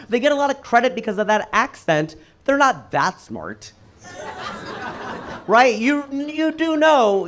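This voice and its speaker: A man performing stand-up on a comedy stage, his voice sitting a touch high and swinging widely in pitch. He tells stories with punchy asides thrown straight at the crowd. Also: a bit bright. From United States.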